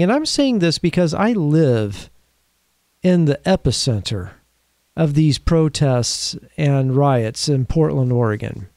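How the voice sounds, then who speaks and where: A man talks straight to his listeners in an earnest, emphatic opinion piece. He asks them rhetorical questions and slows right down on the words he wants to land. His voice sits a little high but sounds warm and mellow, recorded dry and close. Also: no echo. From United States. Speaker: commentator. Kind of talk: opinion commentary.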